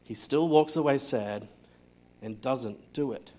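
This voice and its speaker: A man preaching a sermon, telling a Bible story with energy, acting out the voices and often dropping to a hushed tone. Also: mid-range voice, slow pace. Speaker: pastor.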